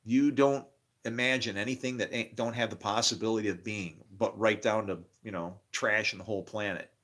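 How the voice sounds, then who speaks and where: A middle-aged man telling rambling stories in a profane, excitable way, breaking into preachy outbursts. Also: lowish voice, brisk. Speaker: guest. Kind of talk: rambling storytelling monologue.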